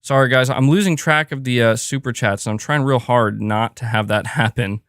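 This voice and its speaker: A man hosting a live reaction stream. He reads out viewer messages and talks in quick restarts. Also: mid-range voice, fairly bright tone, no room sound, clean studio sound. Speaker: livestream host.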